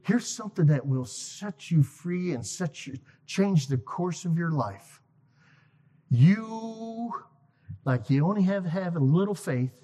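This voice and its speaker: A man preaching a sermon to a congregation, emphatic, repeating key lines slowly for effect. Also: sits high, animated, mellow. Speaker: guest preacher. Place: church sanctuary. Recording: long reverb of a large hall.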